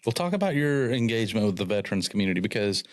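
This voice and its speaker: A man hosting a casual chat as county clerk, explaining things in a relaxed way with frequent fillers. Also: fairly low pitch, racing, dry recording, clean studio sound. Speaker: county clerk and podcast host.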